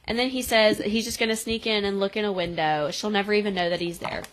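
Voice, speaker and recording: A woman co-hosting a podcast, casually recapping a TV episode and acting out the characters' lines in quick voices. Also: medium pitch, steady tone, low-quality recording. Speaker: podcast co-host.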